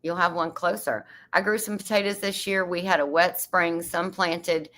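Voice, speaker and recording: A woman's voice: on the low side, fairly even intonation, normal speed, fairly bright tone. A woman hosting a casual livestream, reading viewer comments aloud, chatty and laughing often. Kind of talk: casual chat.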